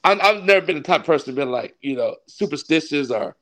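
A Baptist pastor from California telling a personal story in a rambling, heartfelt way, full of fillers. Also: male voice, a little high, expressive, fast, a bit bright. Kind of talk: casual interview storytelling.

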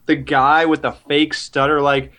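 Profane, animated male podcast host. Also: fairly high pitch, measured pace. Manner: profane, animated, mocks lines in put-on voices. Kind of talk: casual chat reviewing a film.

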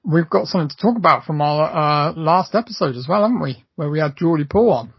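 Gravelly, husky man chatting excitedly. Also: a little high, quick pace, no room sound, muffled recording. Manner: enthusiastic, lots of fillers and restarts. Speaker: podcast co-host. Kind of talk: casual podcast chat.

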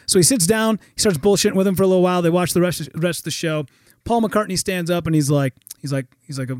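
A man in casual podcast chat, telling stories with lively acted-out quotes and frequent swearing. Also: high voice, quick pace, dry recording, clean studio sound. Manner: animated storyteller, acts out quotes, swears. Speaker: guest.

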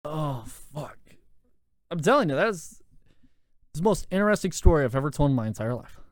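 Young dude ranting through a crazy story, lots of "like", cursing, higher voice, dry handheld mic. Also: male voice, quick pace, no echo. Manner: animated, profane, full of fillers. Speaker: podcast host. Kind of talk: casual podcast storytelling. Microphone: handheld microphone.

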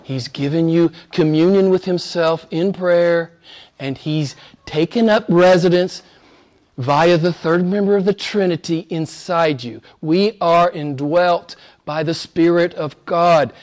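A male pastor preaching a sermon in a conversational way, speaking straight to his listeners and swinging from loud stresses down to near-whispers. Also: on the high side, unhurried. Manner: conversational, addresses listeners directly.

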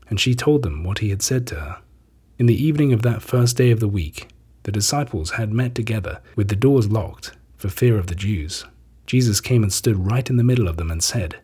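A man reading scripture aloud in a measured, solemn way. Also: fairly low pitch, animated, darkish tone, breathy edge. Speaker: scripture reader.

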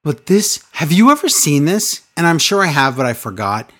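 A man with a somewhat raised pitch chats casually with a friend. He tells the story with energy and acts out the quotes in quick bursts. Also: very animated, pushed and bright. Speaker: podcast co-host recapping wrestling. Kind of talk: casual chat.

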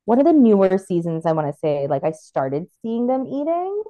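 A woman's voice: mid-range voice, normal speed, no echo. A woman chatting casually with a friend as a podcast co-host, blunt and profane in her talk. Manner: blunt, swears a lot, animated.

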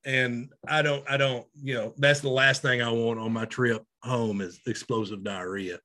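A man, co-hosting a podcast in casual chat, animated and self-mocking. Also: mid-range voice, normal speed. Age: 30s. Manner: animated, loud, self-mocking, laughs often. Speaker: podcast co-host.

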